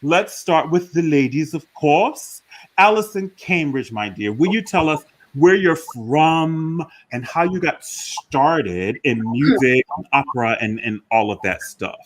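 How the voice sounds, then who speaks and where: A man's voice: a little high, animated, unhurried. Effusive male talk show host. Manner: effusive, theatrical introductions. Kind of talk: live online talk show hosting.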